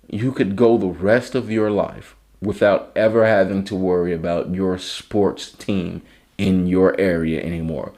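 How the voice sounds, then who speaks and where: A man's voice: fairly low pitch, a little mellow. A man from Chicago hosting a solo comedy podcast, ranting with heavy profanity and sarcasm. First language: English. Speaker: podcast host.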